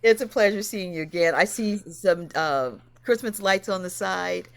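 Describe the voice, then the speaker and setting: A woman's voice: medium pitch, moderate pace, vocal fry. A woman hosting a livestream over a video call, greeting viewers by name with effusive exclamations. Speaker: host.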